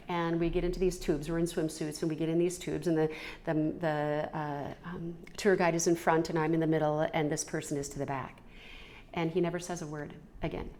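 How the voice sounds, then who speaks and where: A middle-aged woman telling an earnest, reflective personal story, halting now and then with restarts. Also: low voice, a little mellow. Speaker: storyteller sharing a personal experience.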